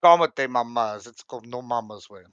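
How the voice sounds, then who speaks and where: A man joking around on a live stream, quick and playful in his delivery. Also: medium pitch, lively intonation, fairly bright tone, smooth, dry recording. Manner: quick, jokey, slips into comic voices. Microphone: video call. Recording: dry, slightly dull mic.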